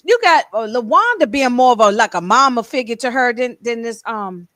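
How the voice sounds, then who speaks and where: A woman's voice: a little high, expressive, normal speed, fairly bright tone, no echo, studio quality. A woman co-hosting a casual podcast chat, rambling with many fillers and restarts. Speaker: co-host.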